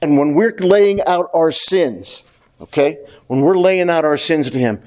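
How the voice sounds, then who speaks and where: A man with a notably high voice, preaching a sermon to his church. He speaks with earnest conviction and talks straight to the congregation. He often repeats a key phrase two or three times to drive it home. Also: unhurried, darkish tone. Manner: addresses the congregation directly. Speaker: pastor.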